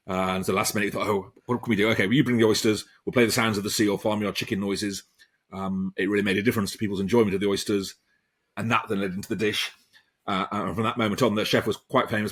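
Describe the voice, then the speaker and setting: A man's voice: fairly low pitch, a bit bright, husky. A man, a professor being interviewed, answering at length in a rambling, conversational way with many ums and restarts. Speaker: professor and author, interview guest.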